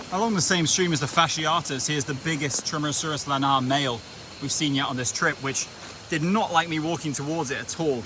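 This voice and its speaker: A young man hosting a vlog, chatting excitedly and casually as he films outdoors at night by a forest stream. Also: on the high side, background noise. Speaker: vlog host. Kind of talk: casual on-the-spot field commentary.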